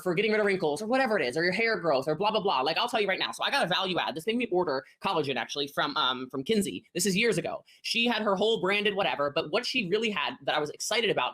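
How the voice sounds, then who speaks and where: Fast-talking female sales coach, emphatic, slips into mock voices. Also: lowish voice, fairly bright tone. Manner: rapid, emphatic, acts out quoted voices. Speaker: network marketing coach. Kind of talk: live coaching call advice.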